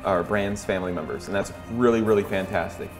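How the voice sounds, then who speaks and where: A man narrating as dungeon master of a tabletop game, playful and animated. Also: low-pitched, quick pace, music in the background.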